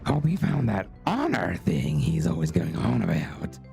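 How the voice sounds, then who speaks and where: A man voicing a gruff, folksy male merchant in a game, with a gravelly, drawling voice. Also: sits low, very animated, normal speed, a little mellow, soft background music, exaggerated voice. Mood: chatty. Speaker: streamer.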